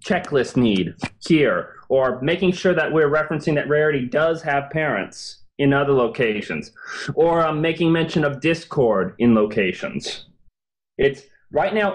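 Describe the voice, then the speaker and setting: Guest author, male, slightly high voice, earnest and explanatory, thinking aloud in casual chat. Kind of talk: casual podcast interview.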